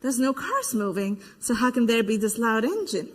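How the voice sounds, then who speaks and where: A woman's voice: a little high, sing-song, moderate pace. An actress playing an adult female protester in a verbatim theater monologue, giving eyewitness testimony and acting out the voices she quotes. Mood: recounting. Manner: vivid retelling that acts out quoted voices. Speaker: stage actor.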